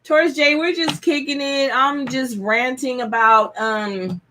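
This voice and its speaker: A woman reading tarot cards on a live stream, chatty and excitable, with casual slang. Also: sits high, a little slow, slight background noise. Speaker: tarot reader.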